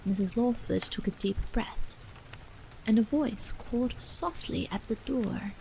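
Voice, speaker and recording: Woman, ASMR bedtime story, half-whispered, slow, gravelly, lively pitch. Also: a little hiss or hum, low-quality recording. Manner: soft, half-whispered sight reading.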